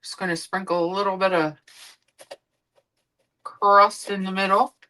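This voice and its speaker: A woman's voice: medium pitch, flat delivery, unhurried, sharp tone, low-quality recording. A woman streamer chatting casually while she cooks, rambling and swearing now and then. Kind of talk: casual chat while cooking.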